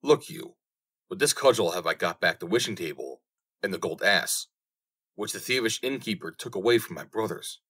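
A bold young tradesman back from his travels, as a male reader puts him on. He speaks with confident, formal old-fashioned phrasing in a storybook tale. His voice sits low. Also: animated, normal speed, fairly bright tone, slightly rough, full character voice. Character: young male turner apprentice, proud and bold.

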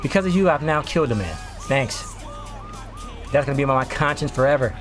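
A young man giving casual gameplay commentary as a streamer, excitable and profane, with yelping outbursts. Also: mid-range voice, fairly quick, over music. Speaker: gaming streamer.

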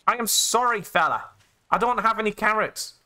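A man's voice: sits high, moderate pace, bright, forceful tone. An English man hosting a let's play, narrating his own in-game actions in past tense with playful jokes. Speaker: gaming channel host.

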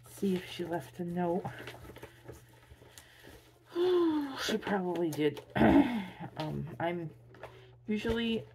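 A tired woman chatting casually while unboxing gifts, gushing with excitable squeals over cute things. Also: lowish voice, slow pace, pauses often, slight background noise. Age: adult with a son. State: tired, drained. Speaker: vlogger.

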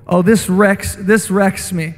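A man preaching a sermon as a guest speaker in a church, impassioned and repeating phrases, building to shouts. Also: sits high, fairly even intonation, takes it slowly. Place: church sanctuary. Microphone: handheld mic. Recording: long church reverb with faint music.

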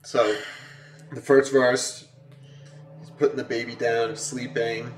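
A man's voice: medium pitch, flat delivery, slow pace, far from the mic, low-quality recording. A man hosting a reaction video, casually explaining song lyrics and reading them out with feeling.

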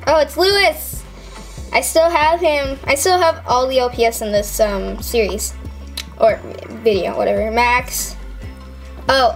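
A woman's voice: fairly high pitch, creaky. Giggly young woman vlogger. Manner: giggly, rambling, lots of ums and likes. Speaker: YouTuber. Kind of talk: casual reaction vlog.

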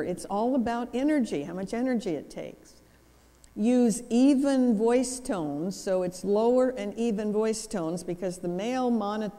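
Woman lecturing in a reverberant church hall. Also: mellow. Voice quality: lowered professional speaking voice. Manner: explanatory, wry humor. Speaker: seminar speaker. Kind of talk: seminar talk. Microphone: handheld or lapel microphone.

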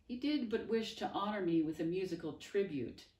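A woman voicing a weepy, earnest male character with high, quavering, formal speech. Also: expressive, moderate pace, a little mellow, echoey room, lightly acted. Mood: tearful. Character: weepy, old-fashioned male clone, earnest.

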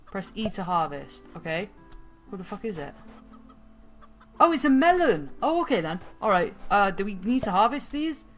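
An excitable woman talks through a video game at a desk mic, reacting loudly, swearing freely and breaking into laughter. Her voice sits at an ordinary middle pitch, with faint game music playing quietly underneath. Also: moderate pace. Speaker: gaming channel host. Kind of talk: let's play commentary.

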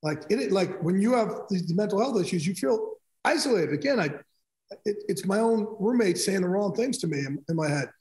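Middle aged guy telling stories on a podcast, acts out what people said, kinda high voice, roomy echo. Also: moderate pace. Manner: animated, re-enacts conversations in quotes. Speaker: guest, sports broadcaster. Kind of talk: casual interview storytelling. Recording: echoey room.

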